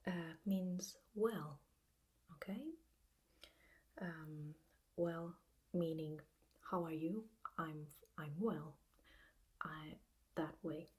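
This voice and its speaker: Italian-accented woman whispering a gentle ASMR lesson; breathy, husky, unhurried. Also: on the low side. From Italy. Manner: slow soft whisper, hesitant fillers. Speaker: language teacher.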